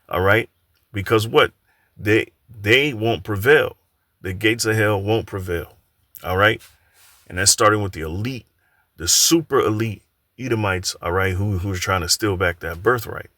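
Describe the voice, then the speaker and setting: A man teaching from scripture in a halting way, often repeating words and saying "all right" between points. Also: fairly low pitch, sharp tone, no room sound.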